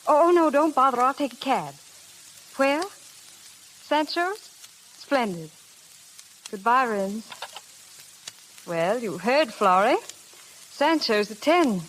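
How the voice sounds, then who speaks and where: A spirited young secretary. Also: female voice, a little high, sing-song, slight background noise, exaggerated voice, low-quality recording. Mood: lively. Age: young adult. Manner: quick, teasing, bright-spoken. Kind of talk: 1930s radio acting.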